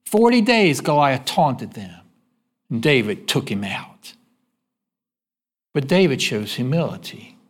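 A man preaching a sermon in church, folksy and conversational, pausing to have the congregation finish his sentences. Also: mid-range voice, big pitch swings, breathy edge. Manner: asks the congregation fill-in-the-blank questions; conversational, folksy, with quick repeats. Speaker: pastor.

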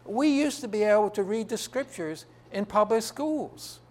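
A man's voice: high-pitched, lively intonation, normal speed, slight background noise. A man preaching a sermon, asking the congregation rhetorical questions and answering them himself.

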